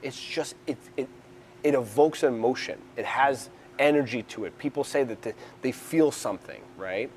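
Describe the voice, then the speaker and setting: A man's voice: medium pitch, normal speed, slight background noise. Man from New York City, casual interview tone, rambling delivery, faint ambience behind. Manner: rambling, restarts often, animated storyteller. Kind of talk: conversational interview.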